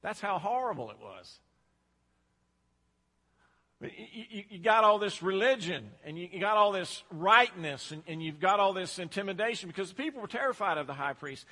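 A man's voice: high voice, lively intonation, moderate pace, sharp tone. A man preaching a sermon, talking emphatically and repeating himself for effect. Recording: long hall reverb.

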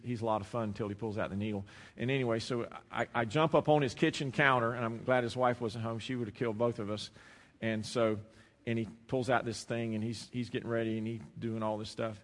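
A male pastor preaching a sermon who swings between loud, emphatic declarations and quiet, intimate storytelling. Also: on the low side, fairly even intonation, brisk. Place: church sanctuary. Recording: long reverb of a large hall.

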